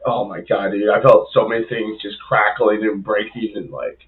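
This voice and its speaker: A man's voice: fairly low pitch, little pitch movement, moderate pace, phone-quality sound. A young man, a podcast co-host and rugby player, telling a story in casual chat with plenty of swearing and filler words.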